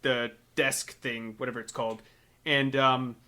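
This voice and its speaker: An American man co-hosting a podcast, chatting casually and telling playful, animated stories. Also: medium pitch, a little slow. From United States. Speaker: podcast co-host. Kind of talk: casual chat.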